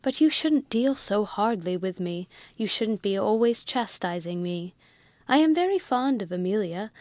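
A woman's voice: mid-range voice, no echo, close to an everyday voice. A woman reading as a fiery young army lieutenant. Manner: indignant, shouting. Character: hot-tempered young male army lieutenant. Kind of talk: audiobook reading.

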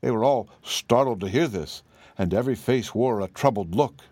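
A man narrating a storybook audiobook in a steady, plain storytelling manner. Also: medium pitch, moderate pace, husky, no room sound.

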